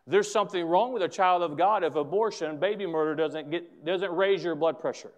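Male pastor, higher-pitched, fervent preacher with loud emphatic swells and quick asides. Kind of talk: preaching a sermon.

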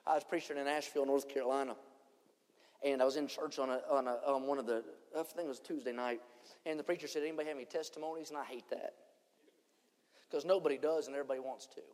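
A man preaching a revival sermon, swinging between shouted lines and hushed ones. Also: mid-range voice, fairly even intonation, fast talker. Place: church conference hall. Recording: long church hall reverb.

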